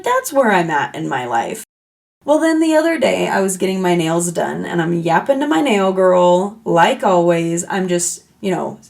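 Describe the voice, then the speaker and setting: A woman's voice: fairly low pitch, creaky. A woman hosting a casual solo podcast, talking in a chatty, playful, self-mocking way as she overshares. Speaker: podcast host.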